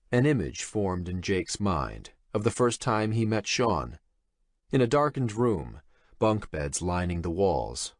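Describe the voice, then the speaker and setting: Lively, low-voiced male audiobook narrator. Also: dry recording, studio quality. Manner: dramatic, expressive reading. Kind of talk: scripted narration.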